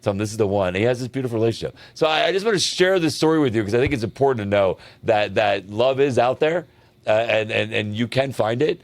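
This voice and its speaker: A man's voice: medium pitch, animated, fast talker, no room sound. A man co-hosting an advice podcast, telling a long story in casual chat, swearing freely and checking in with "right?" as he goes. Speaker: podcast co-host.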